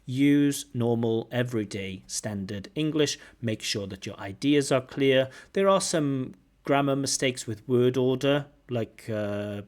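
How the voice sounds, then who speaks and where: A man's voice: mid-range voice, unhurried, few pauses, a little mellow. A man working as a language examiner, explaining feedback on a speaking test and modelling better answers. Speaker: IELTS examiner and teacher. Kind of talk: spoken test feedback commentary. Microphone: video call.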